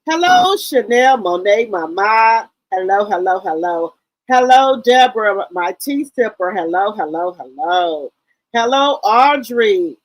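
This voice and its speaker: Relaxed woman hosting a live stream. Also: medium pitch, unhurried, dry recording, rough recording. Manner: greets viewers one by one with repeated hellos; relaxed, rambling, with many ums. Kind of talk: casual live-stream chat.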